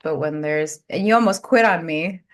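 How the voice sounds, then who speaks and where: Woman coach, low voice, encouraging and emphatic in casual talk. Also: normal speed. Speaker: life coach. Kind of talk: casual conversation with client.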